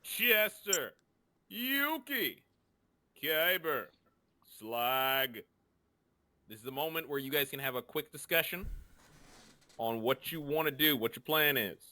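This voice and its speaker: Lively, playful male game master. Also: on the high side, slow pace, pauses often. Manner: playful, teasing, sing-song. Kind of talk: running a tabletop game session.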